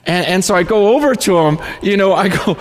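A man preaching as a pastor, telling stories in an animated way with frequent restarts and stammers. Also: high voice, brisk, big-room sound. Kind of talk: storytelling sermon.

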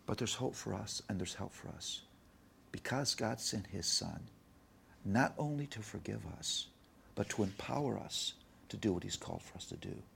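A middle-aged man speaking earnestly in an interview, preaching with emphasis and softly retelling conversations with his child. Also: on the low side, animated, moderate pace, vocal fry, a little hiss or hum. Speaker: guest, Christian author on parenting. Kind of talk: earnest interview talk with told anecdotes.

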